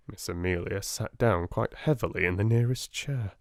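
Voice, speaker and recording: A man with a British accent narrating a classic children's novel in an expressive storytelling manner. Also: lowish voice, unhurried, few pauses, no echo, clean studio sound. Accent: British English. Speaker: audiobook narrator. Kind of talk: unabridged audiobook narration.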